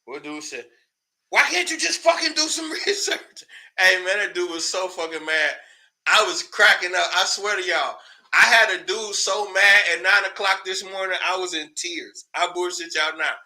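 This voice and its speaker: A man's voice: high voice, fairly even intonation, normal speed, bright, forceful tone. A man hosting a casual commentary show, ranting in a loose, profane way, laughing often and repeating words when worked up.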